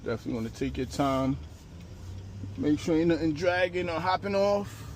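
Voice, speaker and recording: In a slightly high voice at normal speed, a man vlogs a tow job on a street and from inside his pickup truck. Winded and easygoing, he talks to the camera while working, cursing here and there, as faint vehicle noise hums behind him.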